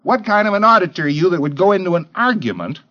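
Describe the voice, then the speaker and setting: A man lectures with a lively, swooping pitch, firing off rhetorical questions and mimicking others in bursts. The sound is dull and lo-fi, like an old tape recording. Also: fast talker. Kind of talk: lecture to trainee auditors.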